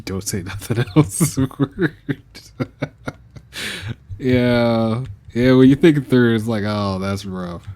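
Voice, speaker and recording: A man's voice: mid-range voice, extremely slow, long pauses, warm tone. A man streaming live gameplay, chatting to his viewers and scolding the animals in the game, laughing and exasperated.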